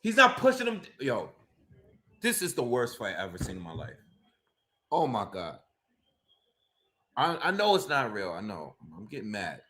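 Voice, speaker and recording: A man's voice: fairly low pitch, big pitch swings, moderate pace, pauses often, fairly bright tone. A man doing live reaction commentary on a boxing fight, exasperated and ranting, with frequent exclamations.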